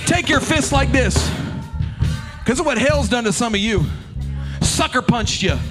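A man preaching a sermon as pastor of his church, moving from storytelling into shouted, sung cadences. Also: very high voice, expressive, unhurried, over music. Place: church sanctuary.

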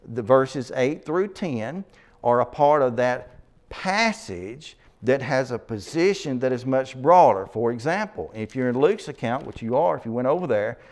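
A man's voice: mid-range voice, lively intonation, normal speed. A man preaching an expository sermon, reading scripture aloud with rising emphasis and breaking off to explain the verses. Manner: asks the listeners to turn to passages.

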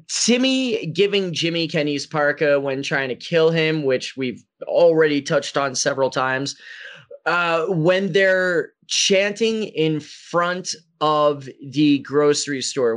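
A man co-hosting a casual podcast who talks in a relaxed, laid-back way. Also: fairly high pitch, takes it slowly. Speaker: podcast co-host.

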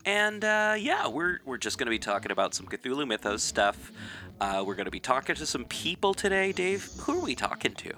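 Chatty male podcast host, gravelly and animated, given to laughter. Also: medium pitch, a little fast. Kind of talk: casual podcast chat.

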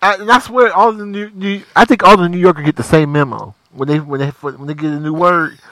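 A man's voice: on the high side, a little fast, pushed and bright, no room sound. A man co-hosting a casual music show, joking and bantering with repeated slang. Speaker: radio show co-host. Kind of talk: casual chat.

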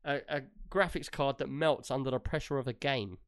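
A man's voice: medium pitch, a little fast, clear, resonant tone. A man hosting a gaming podcast, chatty and rambling, often laughing. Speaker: podcast host. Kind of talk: casual gaming podcast chat.

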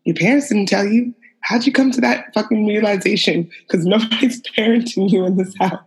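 A woman's voice: medium pitch, fairly quick. A young woman co-hosting a casual chat, candid and laughing as she talks, swearing freely. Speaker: podcast co-host.

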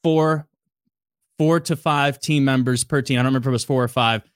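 A man telling a story in casual podcast chat, animated and profane, laughing as he goes. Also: mid-range voice, fairly quick, clear, resonant tone, no room sound, studio quality. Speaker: podcast host.

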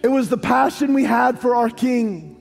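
High-voiced American pastor preaching in a hall. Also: male voice, moderate pace, gravelly. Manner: storytelling, joking asides, rising to sung emphasis. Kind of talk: sermon. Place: large church hall. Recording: long hall reverb, faint music.

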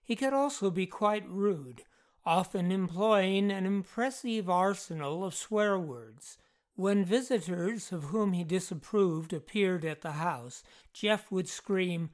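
A scripted documentary narrator telling a strange true story. The delivery is slow and unhurried, with a middle pitch. Each phrase is measured and clearly paced.

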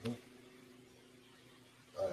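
A man's voice: drawn-out words, mellow, echoey room, poor audio. A man co-hosting a movie watch-along commentary, chatting casually and dropping frequent yeahs and mm-hmms. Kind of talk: casual chat.

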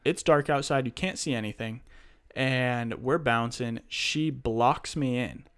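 A young man in casual chat, telling an animated story about his own panic on a flight, swearing freely. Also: medium pitch, a little slow, clean tone.

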